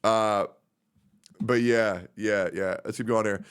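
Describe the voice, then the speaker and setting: A man's voice: fairly low pitch, steady tone, takes it slowly, clear, resonant tone. A man streaming live who rambles, swears freely and gets openly emotional while reading out messages from friends. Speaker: livestreamer. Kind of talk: casual stream chat.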